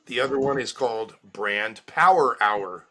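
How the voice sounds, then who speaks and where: Bright, energetic male branding expert. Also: mid-range voice, measured pace, slightly rough. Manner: energetic, acts out little scenes with quoted voices. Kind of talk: animated interview talk.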